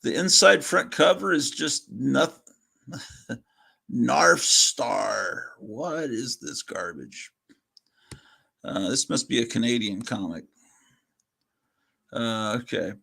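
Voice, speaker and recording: Man host husky, lively-pitched, slow, joking and self-deprecating. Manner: rambling, self-deprecating, swears under his breath. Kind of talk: casual livestream comic-book reading.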